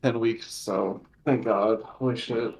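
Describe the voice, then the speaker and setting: A young man co-hosting a casual podcast, blunt and joking with a deadpan delivery. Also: fairly low pitch, slow. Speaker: podcast co-host. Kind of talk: casual chat.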